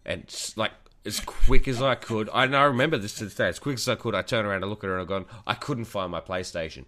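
A man, co-hosting a podcast and telling stories in a casual, animated, foul-mouthed way. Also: fast. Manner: animated, profane storytelling, jumps into high-pitched voices for quoted people. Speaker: podcast co-host. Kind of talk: casual storytelling chat.

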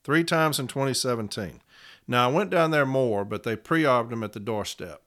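With lively intonation and a fairly bright, medium-pitched voice, a man plays a union representative in an informal podcast monologue. He tells his story plainly, deliberately repeating case numbers.

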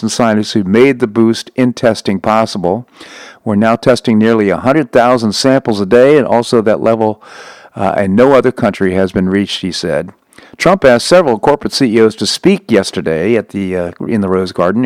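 A man's voice: fairly low pitch, a little mellow, dry recording, low-quality recording. A man hosting a talk show, reading news items aloud and breaking off for asides, with frequent slips and restarts. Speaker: radio talk show host.

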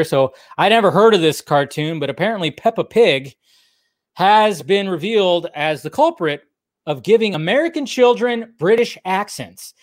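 A man's voice: on the high side, dry recording, clean studio sound. A man hosting a casual live stream, rambling and chatty, with lots of fillers and restarts.

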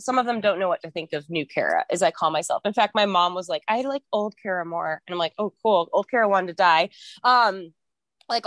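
A woman's voice: mid-range voice, a bit bright, dry recording. A young woman chatting casually as a podcast guest, talkative and laughing often, with frequent swearing.

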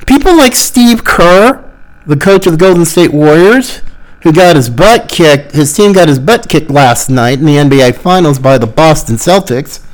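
A man's voice: fairly high pitch, animated, unhurried, low-quality recording. A man hosting a podcast, delivering sarcastic, exasperated political commentary. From Florida. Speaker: podcast host.

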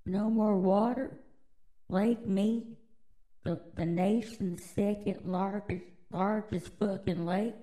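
A woman's voice: mid-range voice, steady tone, takes it slowly, dark tone, low-quality recording. A woman hosting a podcast alone, delivering a crude, rambling, mock-conspiratorial monologue full of swearing. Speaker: podcast host.

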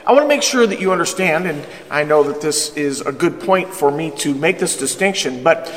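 A man preaching a sermon as pastor, energetic and emphatic, calling the congregation to respond. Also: on the high side, brisk. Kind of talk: sermon, Bible study teaching. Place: church hall with live congregation. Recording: echoey hall with long reverb.

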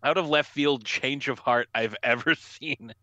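A young man co-hosting a casual movie podcast, animated and acting out scenes in mocking voices. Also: mid-range voice, unhurried, no room sound. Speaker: podcast co-host. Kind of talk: casual movie review chat.

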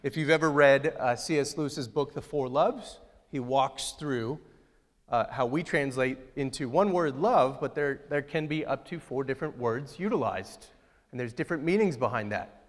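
A man's voice: medium pitch, moderate pace, big-room sound. A pastor giving a conversational, joking sermon and asking his congregation questions. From outside Ohio, United States.

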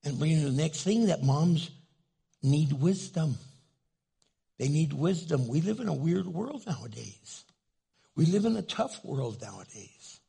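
A man's voice: a little high, expressive, measured pace, gravelly, dark tone, breathy edge. An older man preaching a sermon in a humorous, playful storytelling way. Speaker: pastor.

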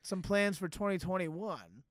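A man's voice: high-pitched, unhurried, no room sound, clean studio sound. A young man co-hosting a comedy podcast, wry and easygoing, with some swearing. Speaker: podcast co-host. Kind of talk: casual comedy podcast banter.

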